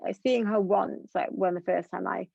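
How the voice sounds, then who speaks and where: Girl guest rambling away with lots of likes, kinda gravelly, flat dead-dry audio. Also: medium pitch, moderate pace, no echo. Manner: earnest, rambling with many fillers. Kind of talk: candid conversation. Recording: dull lo-fi dry recording.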